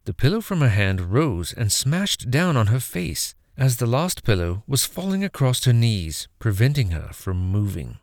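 A man telling a horror story as a narrator, in an expressive, dramatic reading. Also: mid-range voice, moderate pace, hardly any pauses, no echo, clean studio sound.

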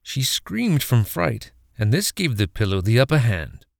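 A man telling a horror story as a narrator, in an expressive, dramatic reading. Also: medium pitch, unhurried, vocal fry, dry recording, studio quality.

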